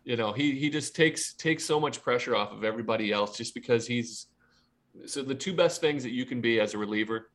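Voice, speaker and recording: A man's voice: mid-range voice, fairly quick, a bit bright. Easygoing man, casual sports chat. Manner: easygoing, restarts words often. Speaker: podcast co-host.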